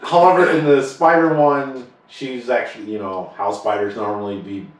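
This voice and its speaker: Man, podcast co-host, casual halting chat, mid-pitched voice, distant mic, heavy room echo. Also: steady tone. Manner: halting, many fillers and restarts, laughs often. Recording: echoey room, far from the mic.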